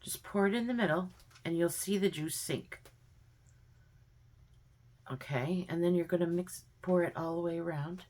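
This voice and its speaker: A woman's voice: fairly low pitch, moderate pace, long pauses, a little mellow. A woman at home in her kitchen, giving a chatty, homey step-by-step cooking demonstration with plenty of fillers. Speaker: home cook vlogger.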